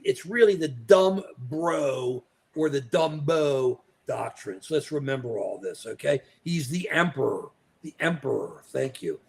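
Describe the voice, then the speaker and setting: Co-hosting a live political chat show from his home in New York, a man with a gravelly, somewhat high voice talks animatedly and calls out viewers by name.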